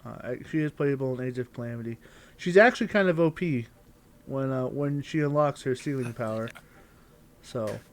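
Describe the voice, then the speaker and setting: This young adult streamer speaks at a medium pitch and moderate pace. Playing a game live, he chats with viewers, reads their messages, and thinks aloud as live gameplay commentary.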